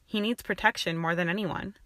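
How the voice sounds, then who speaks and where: A woman voicing a sullen, dour male wizard teacher who speaks calmly with a drawl. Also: fairly low pitch, a little fast, dry recording, clean studio sound. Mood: calm, firm. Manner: calm, drawling.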